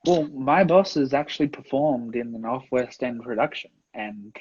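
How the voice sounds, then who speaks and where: Animated co-host, husky, laughs a lot, dull lo-fi sound. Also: mid-range voice, moderate pace. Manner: lively storyteller, laughs a lot. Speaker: podcast co-host. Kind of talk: casual chat.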